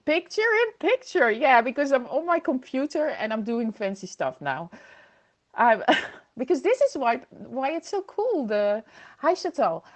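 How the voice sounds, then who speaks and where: A woman chats through a casual livestream from home, greeting viewers by name and laughing as she goes. Her voice sits high, and she speaks into a computer microphone. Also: sing-song, measured pace. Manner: chatty, reads viewer comments aloud, laughs often. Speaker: livestream host.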